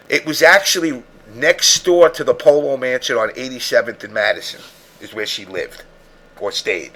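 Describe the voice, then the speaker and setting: A man's voice: mid-range voice, normal speed, a bit bright. A man hosting a podcast, telling long profane stories in casual chat. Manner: profane, rambling storyteller. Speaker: podcast host.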